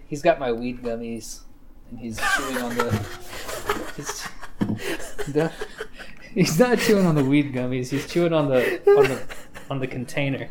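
A man's voice: fairly high pitch, normal speed, slight background noise. A man co-hosting a casual podcast, rambling and swearing freely in loose banter while minding his toddler. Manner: rambling, profane, lively banter. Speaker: podcast co-host.

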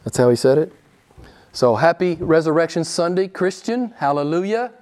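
Emphatic pastor man, slightly high voice. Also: animated, normal speed, a little mellow. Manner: emphatic, repeats key phrases, asks rhetorical questions. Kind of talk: sermon to a small group.

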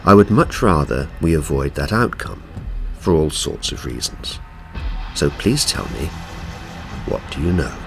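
A man voicing a calm, coldly polite male interrogator, reading an audiobook in a clinical, unhurried, quietly menacing way. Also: extremely low pitch, creaky, music in the background, heavily acted.

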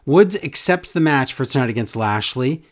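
A man hosting a podcast in casual, opinionated chat, animated and mocking, acting out quoted wrestlers in exaggerated voices. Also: medium pitch, moderate pace.

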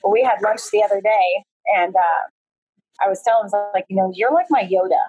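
A woman's voice: medium pitch, brisk, darkish tone, poor audio. A woman guest on a remote interview, chatting casually and acting out what other people said. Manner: chatty storyteller, acts out quoted voices. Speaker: guest, painting business owner. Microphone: remote video call.

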